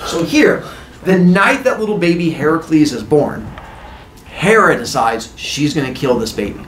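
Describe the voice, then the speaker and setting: A male teacher tells a myth to his class in a playful, jokey way. His voice sits a bit high and leaps around lively. The classroom gives it a roomy echo, with faint noise behind. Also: normal speed. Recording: echoey classroom.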